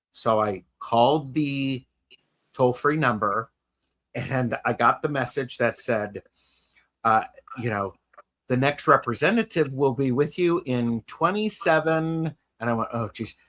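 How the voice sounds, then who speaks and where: A man with a bright, forward voice hosts a relaxed conversation. He tells anecdotes in a rambling way, often repeating words as he works out what to say next. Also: mid-range voice. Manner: storytelling, repeats words while gathering thoughts. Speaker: host. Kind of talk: casual chat.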